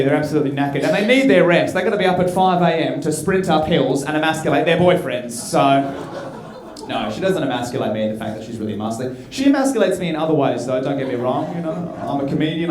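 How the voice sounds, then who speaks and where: A man's voice: a little high, darkish tone. A man doing a stand-up routine about his girlfriend, cheeky and teasing the crowd. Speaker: stand-up comedian. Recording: echoey club room.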